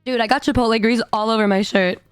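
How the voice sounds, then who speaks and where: A woman streamer with a hoarse voice, telling a story in animated casual chat, laughing and swearing freely. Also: a little high, quick pace, dry recording, clean studio sound, soft background music. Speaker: VTuber streamer.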